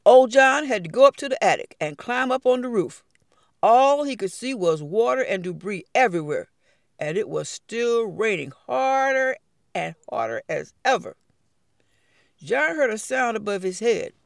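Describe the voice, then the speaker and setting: A woman storyteller spins a folk fable, stretching phrases and swinging her pitch expressively. The recording is close and dry, with no room sound. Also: animated, normal speed, vocal fry, no room sound.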